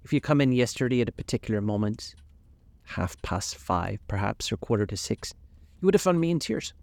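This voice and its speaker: A man voicing a cold, vain young gentleman in a storybook reading, languid and dismissive. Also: on the low side, big pitch swings, fairly quick, creaky, no room sound. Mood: aloof.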